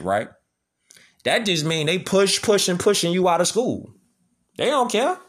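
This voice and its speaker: Man, lively rising-and-falling pitch, slangy, repetitive, preachy rant. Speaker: commentator. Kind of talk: impassioned monologue.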